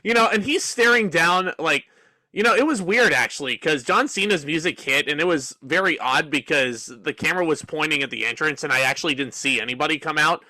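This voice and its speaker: A man's voice: a little high, animated, brisk, pushed and bright, no room sound, poor audio. A man co-hosting a wrestling review podcast, recounting events in order and correcting details in casual chat. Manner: recounts events step by step, corrects his co-host.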